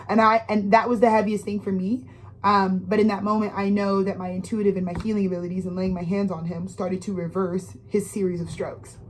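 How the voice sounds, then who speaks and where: A woman's voice: medium pitch, flat delivery, fairly quick, a little hiss or hum. A woman in her twenties giving a heartfelt, rambling astrology reading, full of swearing, restarts and personal stories. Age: 20s. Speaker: astrology tarot reader. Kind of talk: emotional monologue reading.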